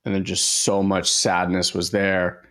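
A man co-hosting a casual podcast, telling a heartfelt personal story in a halting way, with lots of fillers and restarts. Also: deep voice, monotone, a bit bright.

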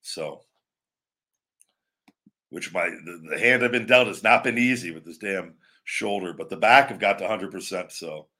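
Man, middle-aged, fairly low voice, live show host, rambling casual chat, playful teasing. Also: normal speed, pushed and bright. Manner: rambling, frequent restarts, addresses viewers as brother and man. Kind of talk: live-stream chat answering viewers.

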